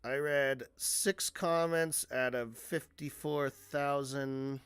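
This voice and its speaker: A man's voice: medium pitch, steady tone, slow, fairly bright tone, clear, resonant tone, no room sound. A man giving casual reaction commentary as a streamer, rambling, cutting himself off mid-sentence and swearing freely.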